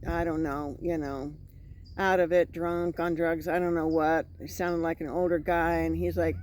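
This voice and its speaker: A woman's voice: lowish voice, little pitch movement, normal speed, a little hiss or hum. A woman vlogger casually retelling a scary night, acting out the voices she quotes. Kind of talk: casual storytelling.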